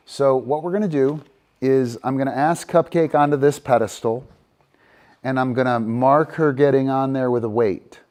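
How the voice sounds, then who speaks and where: Here a middle-aged man leads a live dog-training class, speaking at medium pitch. He gives the dogs soft words of praise and then describes each game at an even, relaxed pace, sometimes near the mic and sometimes farther off.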